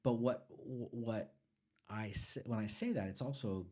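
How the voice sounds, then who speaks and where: An older man co-hosting a podcast with his daughter, talking reflectively in casual conversation and often pausing on "you know". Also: medium pitch, a little mellow. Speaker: podcast co-host, father.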